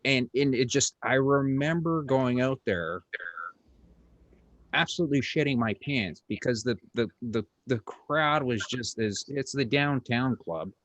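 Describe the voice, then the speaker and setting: A man's voice: medium pitch, a little slow, a bit bright, dry recording. Dry-voiced man rambling through a story. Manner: rambling, lots of fillers and restarts, blunt and crude. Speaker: interview host and comedian. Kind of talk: casual storytelling chat.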